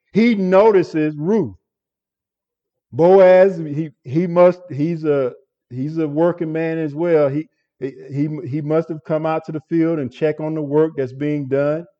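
A man's voice: a little high, steady tone, a little slow, dark tone, dull audio. A man preaching an expository sermon as pastor, earnest and stumbling over repeated words as he explains a passage.

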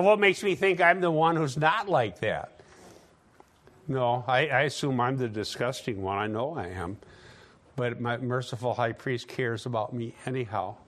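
A man's voice: on the high side, fairly bright tone. A man preaching a sermon, teaching conversationally with sarcastic asides and building emphasis.

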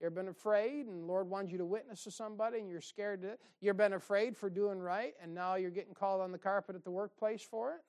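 A man's voice: sits high, quick pace, few pauses, darkish tone. A man preaching a sermon in a folksy, exhorting way, with asides and short laughs.

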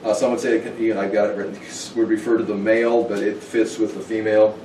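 A man's voice: on the low side, level tone, fast, mellow, a little hiss or hum. A man teaching a Bible study in an informal, conversational way, now and then acting out short quoted exchanges. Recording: echoey room, mic at a distance.

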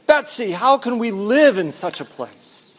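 A man's voice: extremely high pitch, very animated, unhurried, pitched above the performer's own voice, heavily acted. A man voicing an exasperated, doubting woman prisoner while reading a book aloud in a sermon. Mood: distressed.

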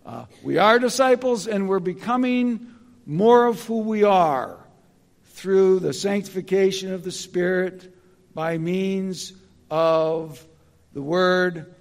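Slow-preaching man in a reverberant hall. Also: high voice, gravelly. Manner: deliberate, repeats phrases for emphasis. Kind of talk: sermon. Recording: long reverb of a large hall.

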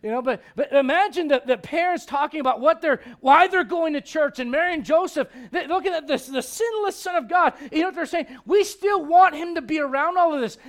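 A middle-aged male pastor preaching a sermon in a church, animated and joking, swinging from loud to hushed. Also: very high-pitched, a little fast, hardly any pauses.

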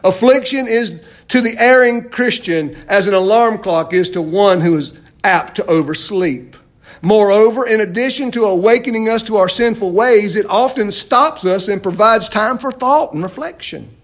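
A man preaching a sermon, asking rhetorical questions and often dropping suddenly to a quiet voice. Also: sits high, moderate pace. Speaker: pastor.

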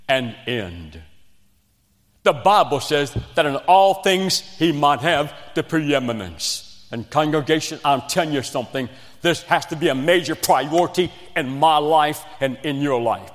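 A man's voice: fairly high pitch, expressive, normal speed. A man from West Virginia preaching a fervent sermon, speaking straight to his congregation and building to emphatic peaks. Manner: addresses the congregation directly. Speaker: pastor. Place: church sanctuary. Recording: echoey church hall reverb.

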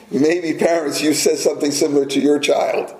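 A man's voice: fairly high pitch, fairly even intonation, moderate pace, a little mellow. A man preaching a sermon in a conversational way, often asking the listeners questions. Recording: echoey room.

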